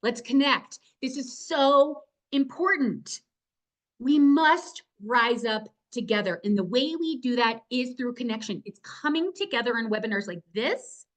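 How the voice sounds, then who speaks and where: A woman presenting a video-call workshop, talking to her audience with enthusiasm and urging them to join in. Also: fairly high pitch. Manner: enthusiastic, upbeat, direct to audience. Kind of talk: energetic webinar teaching.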